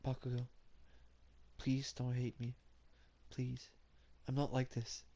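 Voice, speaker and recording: A man's voice: mid-range voice, monotone, slow, mellow. A man reading the lines of a shy, anxious teenage bookworm girl in a dating game, flustered and stammering. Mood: pleading.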